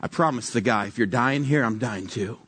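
A man doing a solemn old fisherman, low and quiet. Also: normal speed, slightly rough. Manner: low, quiet, earnest confession. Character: older fisherman disciple recalling, solemn.

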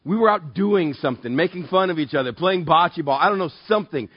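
Husky-voiced pastor, jokey storytelling. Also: male voice, animated, dry recording, muffled recording. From Southern California. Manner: self-deprecating, acts out dialogue with quick pitch jumps. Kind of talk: conversational sermon with storytelling.

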